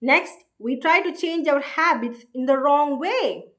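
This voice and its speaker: Woman narrator for a book-summary lesson, slow and deliberate, repeats key points. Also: high voice. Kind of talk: explanatory book summary talk.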